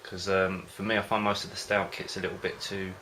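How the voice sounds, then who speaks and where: A man with a low, steady voice that stays in a narrow band, and a bright, forward tone. He chats casually to camera as a home-brewing vlogger, rambling and hesitating as he goes. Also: a little fast, a little hiss or hum. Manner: rambling, hesitant, loses his thread.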